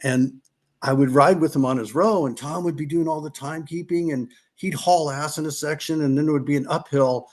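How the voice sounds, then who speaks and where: Speaking a little high and fairly quickly, with a darkish tone, a middle-aged Californian former off-road racer rambles through motocross tales as a podcast guest. He keeps restarting sentences and acts out quotes from others in this casual storytelling.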